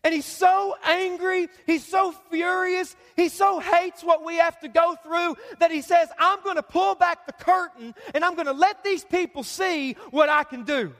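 A man preaching a sermon as pastor, emphatic and repetitive, building up to shouts. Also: extremely high pitch, fairly even intonation, moderate pace, few pauses. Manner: emphatic preaching, repeats phrases, rises to shouts. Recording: long reverb of a large hall.

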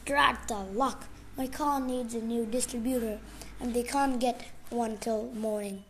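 A woman voicing a courteous older naval captain in a read-aloud story, in a slightly high voice. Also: fairly even intonation, unhurried, a little hiss or hum. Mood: annoyed.

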